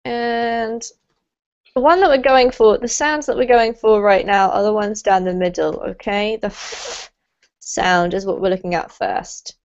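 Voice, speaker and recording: A woman's voice: mid-range voice, steady tone, moderate pace, darkish tone. A woman teaching English pronunciation in a live online class, explaining patiently and laughing often. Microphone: computer mic on a video call. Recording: dull lo-fi video call audio.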